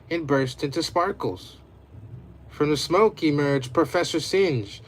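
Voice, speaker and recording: A man's voice: mid-range voice, a little hiss or hum. A man reading his own homemade adventure story aloud in a casual, unpolished way.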